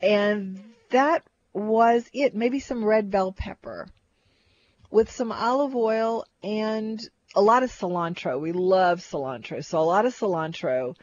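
A woman's voice: medium pitch, animated, slow, no echo. An older woman chatting casually about food, rambling and restarting her sentences often. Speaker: co-host. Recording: dull lo-fi recording.

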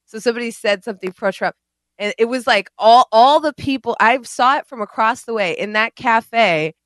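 A woman's voice: a little high, normal speed, fairly bright tone, no room sound. A woman co-hosting a podcast in casual chat, telling stories animatedly and mimicking the people in them. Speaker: podcast co-host.

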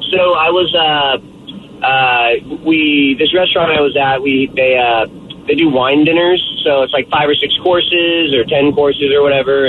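A man calling in to a radio show and telling a story, rambling with lots of fillers. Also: a little high. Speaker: caller. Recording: phone line with faint noise.

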